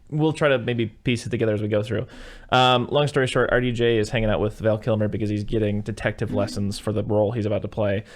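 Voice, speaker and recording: A man's voice: fairly low pitch, fairly even intonation, quick pace. A man hosting a casual podcast, retelling a film's plot in a rambling, filler-heavy way with casual swearing. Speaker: podcast host. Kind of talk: casual movie-recap chat.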